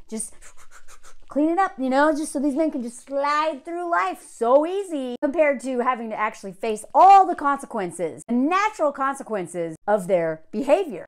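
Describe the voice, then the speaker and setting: Sarcastic high-voiced woman vlogger. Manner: blunt and sarcastic; mocking impressions of characters. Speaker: movie reviewer. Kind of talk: casual vlog commentary.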